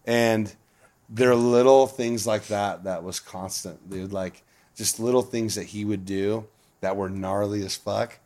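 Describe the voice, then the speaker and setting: Low-voiced man telling stories, swearing freely. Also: a little slow. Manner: profane, animated, laughs often. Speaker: guest. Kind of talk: casual storytelling.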